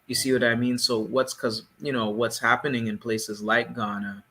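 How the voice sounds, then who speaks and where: A man co-hosting a casual panel discussion, speaking in a measured, explanatory way. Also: mid-range voice, level tone, pushed and bright. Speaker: podcast co-host.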